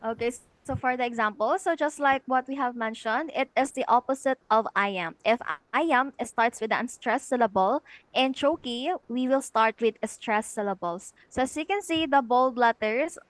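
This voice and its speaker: A woman's voice: on the high side, normal speed, dry recording, low-quality recording. A young woman student with a Filipino English accent presenting a lesson, explaining step by step with many "okay, so" restarts. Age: young adult. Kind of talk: classroom lecture presentation.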